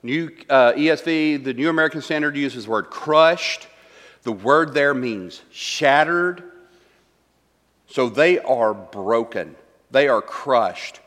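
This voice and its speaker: A man with a mid-range, fairly bright voice teaches a Bible study class, reading verses aloud and putting questions to the group. The recording carries a long hall reverb.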